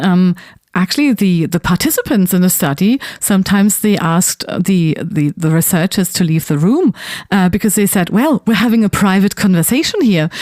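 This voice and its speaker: A woman's voice: lowish voice, darkish tone, dry recording, studio quality. Woman explaining thoughtfully on a podcast. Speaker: podcast co-host. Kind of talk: casual chat.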